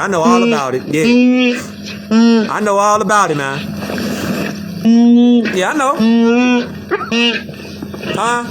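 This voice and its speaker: A man giving mocking, slangy reaction commentary as an online commentator, taunting and repeating himself. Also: very high-pitched.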